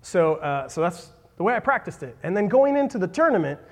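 Halting preacher in a reverberant hall. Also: male voice, sits high, very animated. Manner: halting, many fillers and restarts, self-deprecating asides. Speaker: pastor. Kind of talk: sermon.

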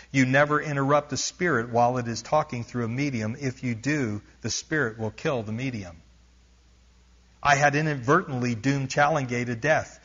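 A male preacher reads a dramatic story from a book to his congregation. His voice sits at a middling pitch and grows louder as the tension builds. The recording is dull and lo-fi. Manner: reads aloud with rising intensity, stops to explain asides. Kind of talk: sermon reading a missionary book aloud.

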